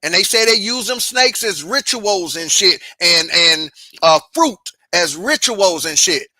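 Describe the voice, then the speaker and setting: A woman's voice: on the low side, lively intonation, unhurried, sharp tone, no echo. A woman hosting a reaction channel, commenting bluntly with heavy profanity and repeating her points.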